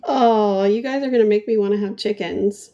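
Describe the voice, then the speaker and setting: A livestream host chats casually with her audience as she paints, responding playfully to their comments. She has a warm, mid-range voice at normal speed, though the audio sounds dull.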